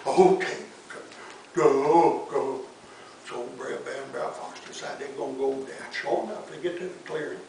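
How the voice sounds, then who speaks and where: A man's voice: medium pitch, fast talker, vocal fry, few pauses, a little hiss or hum. A man telling a folk tale in a folksy, chuckling way. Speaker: storyteller. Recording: echoey room, mic far off.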